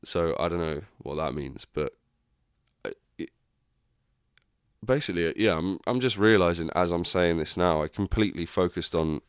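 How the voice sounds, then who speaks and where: Deep-voiced man, candid podcast monologue. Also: moderate pace, clean tone, no echo, studio quality. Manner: candid, rambling, swears freely. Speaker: podcast host. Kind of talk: casual reflective monologue.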